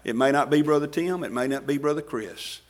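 A man preaching a sermon in a folksy manner, acting out quoted voices and swinging from loud emphasis to near whisper. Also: medium pitch, brisk.

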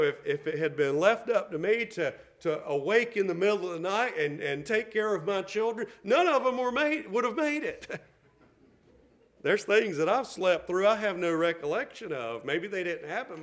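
A middle-aged man preaching a sermon as pastor, repeating words as he builds a point and swinging from loud calls to soft, tender lines. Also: a little high.

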